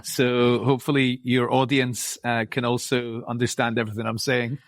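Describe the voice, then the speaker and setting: A man's voice: medium pitch, little pitch movement, moderate pace, no echo. A man with a Scottish accent, a tech co-founder speaking as a podcast guest in a friendly, easygoing way. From Scotland. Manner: friendly, easygoing, repeats words. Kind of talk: casual interview chat.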